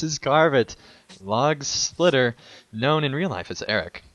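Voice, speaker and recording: A man co-hosting a gaming podcast, upbeat and quick to laugh. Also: mid-range voice, fairly bright tone, dry recording, lo-fi sound. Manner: upbeat, laughs often, says "awesome" a lot. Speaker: podcast co-host. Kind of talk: casual podcast chat.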